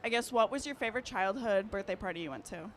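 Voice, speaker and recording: A woman's voice: medium pitch, lively intonation, fast. A woman on a live dating show giving short, blunt, dry answers. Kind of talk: casual date banter. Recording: live audience and room noise. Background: live audience crowd.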